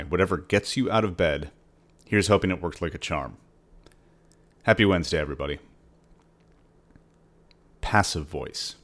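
Male author reading his writing lesson aloud, conversational and measured, a bit low in pitch.

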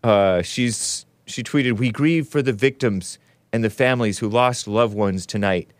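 A man's voice: fairly low pitch, measured pace, no room sound. A man hosting a talk show, commenting on news clips in a sarcastic, mocking way. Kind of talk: casual commentary.

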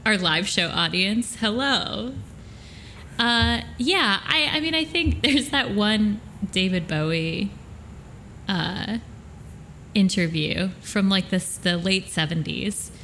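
A woman from upstate New York co-hosting a podcast, playful and quick to laugh as she rambles through stories. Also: mid-range voice, lively intonation, a bit bright, a little hiss or hum. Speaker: podcast co-host. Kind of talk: casual chat.

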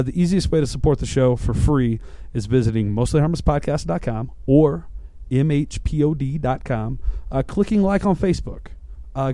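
A man's voice: mid-range voice, warm tone, no echo. A man hosting a podcast, signing off in a loose, rambling, chatty way. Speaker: podcast host. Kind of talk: casual podcast outro.

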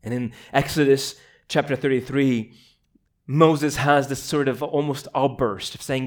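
A man's voice: medium pitch, fairly even intonation, measured pace. A man from Moldova preaching a sermon in a conversational way, with casual asides and repeated words.

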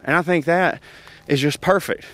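A man's voice: fairly high pitch, normal speed, a bit bright, no echo. A man, hosting a podcast and telling family stories in a chatty way, laughing often. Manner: chatty, laughs often, Southern turns of phrase like y'all. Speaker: podcast host. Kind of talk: casual storytelling monologue.

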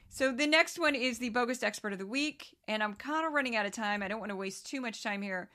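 Bright-voiced St. Louis podcast host. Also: female voice, fairly high pitch, expressive, a little fast, hardly any pauses. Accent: St. Louis Southern-Midwestern. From St. Louis, US Midwest. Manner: candid, chatty, laughs often, self-aware asides. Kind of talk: casual commentary on news clips.

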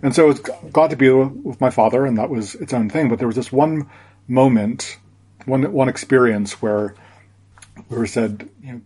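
A man guest on a podcast, telling a reflective story in a halting way, with many restarts. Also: mid-range voice, darkish tone, slightly rough.

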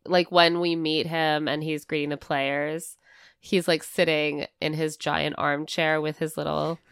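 A woman with a low, smooth, resonant voice chats casually on a podcast, dropping "like" often and slipping into little impressions of people. The sound is dry and close, with no room around it. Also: level tone, a little slow, a bit bright, no echo. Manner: chatty, many "like" fillers, acts out quoted lines. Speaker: podcast co-host. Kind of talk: casual chat about a TV show.

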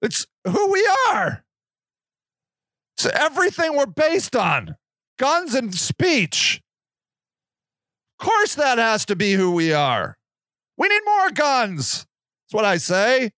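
A man's voice: extremely high pitch, huge pitch swings, slow, pauses often, bright, forceful tone, dry recording, studio quality. A man talking in a casual podcast monologue, profane and sarcastic as he rants. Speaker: podcast host.

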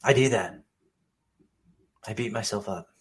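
A man's voice: lowish voice, unhurried. A man who is a pastor, co-hosting a casual faith podcast and explaining his views in a conversational, sometimes emphatic way.

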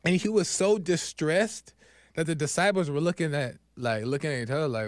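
A podcast host muses aloud on a spiritual theme in a loose, conversational monologue full of fillers like "um" and "right?". He talks at normal speed, occasionally going soft and low to retell scenes, and the studio-quality recording has no room sound.

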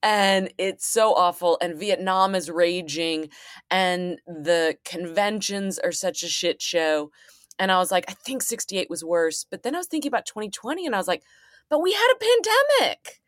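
Low-voiced chatty woman host. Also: no echo, studio quality. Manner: chatty, quick to tease and laugh. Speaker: podcast host. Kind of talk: casual chat.

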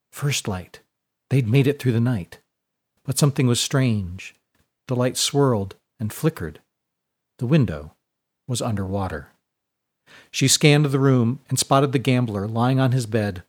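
Brief: male narrator, mid-range pitch, calm measured storytelling for a serialized audiobook.

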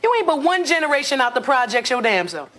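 An actress playing a sharp-tongued woman scolding a snooty friend in a sitcom, from an old TV clip. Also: high-pitched, big pitch swings, fast talker, full character voice. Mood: teasing scold. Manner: scolding, sassy. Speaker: sitcom character. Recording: old TV clip, loud laughing audience, noisy. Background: studio audience laughter.

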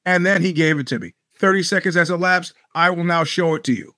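Bright-voiced, profane male podcast host. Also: high voice, brisk, no echo, clean studio sound. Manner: profane, rambling, sardonic storytelling. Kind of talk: casual monologue.

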